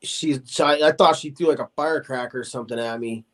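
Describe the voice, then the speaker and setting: A man's voice: medium pitch, brisk. A man in his forties, a podcast guest, telling a long story in casual talk, full of fillers and acted-out quotes. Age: 40s. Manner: animated, acts out quoted voices, many fillers.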